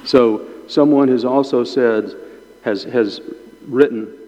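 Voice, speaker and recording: Chewing gum as he talks, this pastor works through a Bible lesson with a small group, musing aloud and frequently going back over his words. He has a warm, mid-range voice and an unhurried delivery. The audio sounds muffled and low-fidelity, echoing through a large hall.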